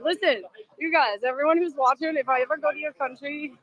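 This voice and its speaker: Her voice sits high, fairly quick and a bit bright, with no echo but the highs cut off. A middle-aged woman with a Boston accent, she hosts a casual outdoor livestream on a phone on a selfie stick amid a crowd, chatting emotionally, laughing frequently and greeting viewers.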